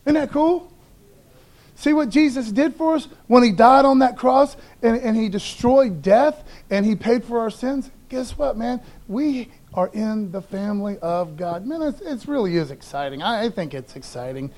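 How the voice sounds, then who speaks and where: High-voiced man preaching casually. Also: lively intonation, moderate pace, darkish tone. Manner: casual, enthusiastic preaching with slangy asides. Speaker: pastor. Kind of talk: sermon.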